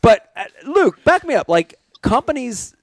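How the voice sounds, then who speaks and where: A man co-hosting a casual podcast chat, talking emphatically and repeating his points. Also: unhurried. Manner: emphatic, repeats himself, lively pitch. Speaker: podcast co-host.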